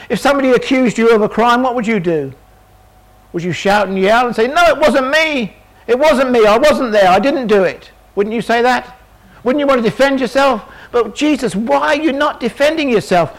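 High-voiced preacher retelling a story. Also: male voice, rough recording. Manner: dramatic storytelling, many rhetorical questions. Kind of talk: sermon.

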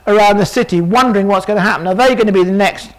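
High-voiced preacher retelling a story. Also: male voice, rapid-fire, rough recording. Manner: dramatic storytelling, many rhetorical questions. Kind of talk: sermon.

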